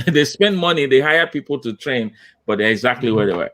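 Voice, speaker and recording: A man's voice: medium pitch, animated, a little fast, a bit bright. A man speaking as a guest consultant on a panel, emphatic and repetitive with hesitant fillers. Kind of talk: panel discussion.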